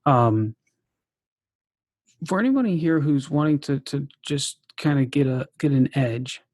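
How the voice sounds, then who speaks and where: Casual interview host, woman, low voice, rambling and friendly, dry recording. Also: animated, unhurried, darkish tone, no room sound. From United States. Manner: chatty, laughs often, many fillers and restarts. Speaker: podcast host.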